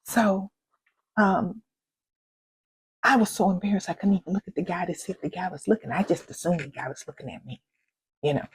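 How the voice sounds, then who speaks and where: Husky older woman telling a personal story. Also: fairly low pitch, brisk, pauses often, rough recording. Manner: emphatic, repetitive, heartfelt. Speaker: vlog host.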